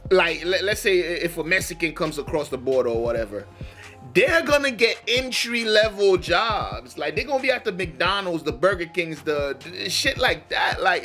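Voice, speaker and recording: A man's voice: high-pitched, pushed and bright. A man hosting a reaction video, talking in loose, rambling, slang-heavy casual commentary with frequent restarts.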